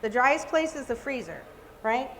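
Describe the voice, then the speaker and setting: A woman's voice: high-pitched, big pitch swings, moderate pace, a bit bright. A woman giving a live cake decorating demonstration, chatty and exclamatory. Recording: reverberant hall with faint noise.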